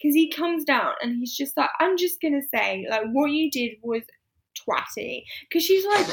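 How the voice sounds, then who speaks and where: A woman with a high voice chats in an animated, lively way. She laughs often and slips into quick impressions of characters as she retells scenes. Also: low-quality recording. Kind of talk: casual chat recapping a period drama.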